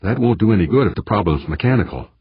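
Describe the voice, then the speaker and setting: A man's voice: fairly low pitch, expressive, fast talker, gravelly, breathy edge, dry recording, highs cut off, full character voice. A man voicing a grumbling, irritable male spacewalker who growls his replies.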